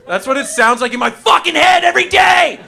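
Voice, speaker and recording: A man's voice: very high voice, animated, fairly quick, vocal fry, pushed and bright, shouting, some chatter behind. A man doing loose, profane stand-up comedy, riffing with the audience and making yelping sound effects. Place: comedy club stage with live audience.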